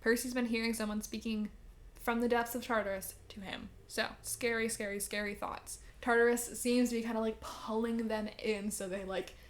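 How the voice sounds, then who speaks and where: A woman's voice: a little high, fairly even intonation, normal speed. A woman vlogger casually recapping a story, chatty and full of "like" fillers. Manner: chatty, filler-heavy with frequent "like".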